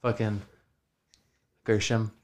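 A man's voice: lowish voice, flat delivery, slow pace. A young man hosting a casual podcast from his home studio, swearing a lot and saying "dude" constantly as he rambles. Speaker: podcast host.

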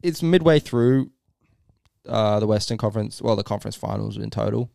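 A man co-hosting a sports podcast, talking in a relaxed, teasing way. His voice sits low with a gravelly, smooth texture. The sound is dry and close. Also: normal speed, no room sound. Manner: chatty, hedging, teasing. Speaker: podcast co-host. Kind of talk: casual sports chat.

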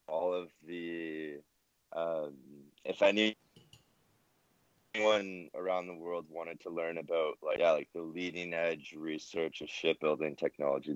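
A man's voice: sits low, no echo. A young man co-hosting a podcast, chatting casually and rambling with lots of fillers. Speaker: podcast co-host. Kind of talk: casual chat. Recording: dull dry sound.

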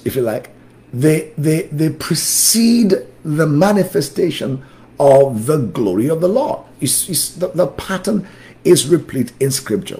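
A male preacher with a very animated voice whose pitch rises and falls widely. He teaches a Bible study in a fervent sermon style, repeating key phrases and shifting from loud declarations to quiet asides. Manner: fervent, emphatic repetitions, swings between loud and soft. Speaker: pastor leading a Bible study.

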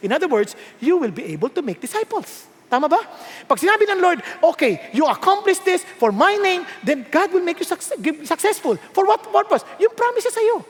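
A male pastor preaching a sermon, animated, swinging between hushed lines and shouted emphasis and often asking the congregation questions. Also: very high-pitched. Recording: long echo of a large hall.

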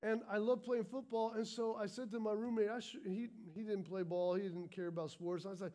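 A man's voice: high voice, fairly even intonation, brisk, hardly any pauses, mellow. A male pastor delivering a sermon, emphatic and repetitive, often restarting his sentences.

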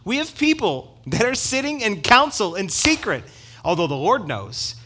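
A man's voice: high voice, very animated, normal speed, sharp tone. A middle-aged man preaching a sermon in an emphatic, conversational way, with asides to the congregation. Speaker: pastor.

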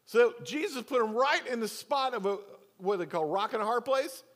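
A male pastor preaching a sermon, moving between loud, emphatic stretches and quiet, low asides. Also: moderate pace. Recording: long church reverb.

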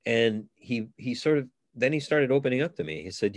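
A man's voice: medium pitch, expressive, fairly quick, dry recording, studio quality. A middle-aged man, a comedian from Canada, chatting in an interview and telling rambling stories with many restarts. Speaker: comedian guest. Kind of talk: casual interview chat.

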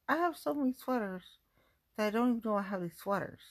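A woman from the Cincinnati area, her medium-pitched voice very animated and fast, vlogs casually at home while going through her belongings. She rambles and mocks herself, firing off exasperated rhetorical questions.

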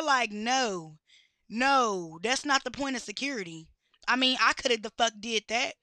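A woman's voice: fairly high pitch, animated, a little slow, bright, forceful tone, no room sound. A woman ranting bluntly with heavy cursing and exasperated rhetorical questions. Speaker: podcast host. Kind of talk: profane rant.

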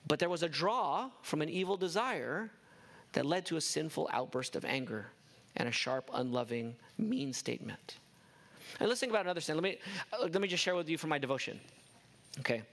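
A man's voice: on the high side, animated, brisk, vocal fry, fairly bright tone. Earnest middle-aged man preaching. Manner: earnest, asks the listeners questions. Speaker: pastor. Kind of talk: sermon.

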